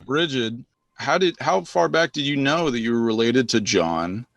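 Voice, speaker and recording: A man's voice: medium pitch, animated, normal speed, creaky, a bit bright, dry recording. A man hosting a video call interview, an eager fan asking the cast questions.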